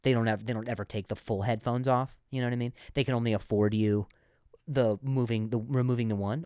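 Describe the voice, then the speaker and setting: A man who stutters, hosting a comedy podcast and telling animated, self-mocking stories. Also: medium pitch, brisk, clean tone, dry recording, studio quality. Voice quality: stutter, frequent repeated words. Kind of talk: comedic storytelling.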